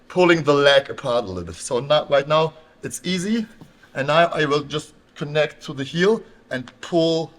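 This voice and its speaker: Man explaining grappling moves, higher voice. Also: fairly bright tone. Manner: explains while demonstrating, halting with fillers and restarts. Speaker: grappling instructor. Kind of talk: casual technique instruction.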